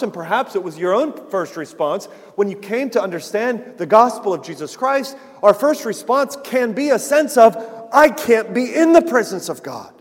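A pastor with a fairly high voice delivers an earnest sermon, rising to loud stresses and then falling to a near hush. His voice carries through a church sanctuary with a long, lingering reverb. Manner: earnest preaching, swinging from loud emphasis to hushed softness.

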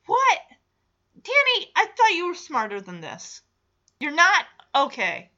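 A woman's voice: high voice, wildly swooping pitch, unhurried, pushed and bright, highs cut off. A woman recapping a TV episode with sarcastic, exasperated commentary.

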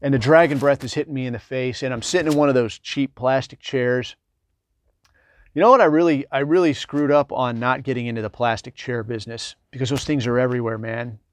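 A middle-aged man spins a loose, wandering yarn from his service days. He talks in an easy, chatty way, full of fillers and side tangents, and his voice sits at an ordinary middle pitch. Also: steady tone, brisk, dry recording. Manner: rambling, digressive, conversational with lots of fillers. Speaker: military veteran storyteller. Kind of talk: casual anecdotal storytelling.

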